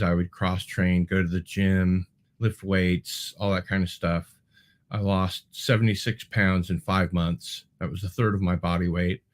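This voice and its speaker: A man with a slightly low voice hosts a casual livestream and reads out viewer comments. He wanders off on tangents and fills his pauses with ums and false starts. Dry, playful asides come through now and then. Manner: rambling and digressive, with many ums and restarts. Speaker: show host.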